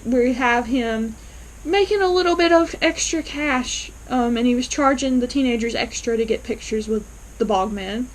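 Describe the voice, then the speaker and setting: Woman, casual episode recap, animated storyteller, fairly high voice. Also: rough recording. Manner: animated, acts out characters' lines in quotes. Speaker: TV episode reviewer.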